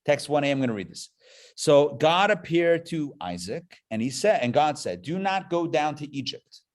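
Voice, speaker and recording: A man, a rabbi, teaching a live adult class in a playful, animated way, full of jokes and rhetorical questions. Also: fairly high pitch, normal speed. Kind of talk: live adult education lecture.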